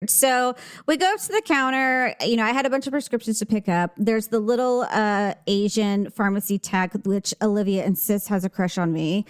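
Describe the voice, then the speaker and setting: A woman co-hosting a podcast in casual chat, an animated storyteller who acts out family dialogue and laughs often. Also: medium pitch, normal speed, few pauses, smooth. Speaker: podcast co-host.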